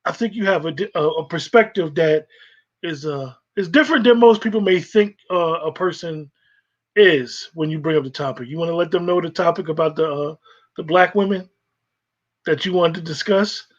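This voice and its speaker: A man hosting a casual podcast chat, talking in a halting way with restarts. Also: a little high, lo-fi sound. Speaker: podcast host.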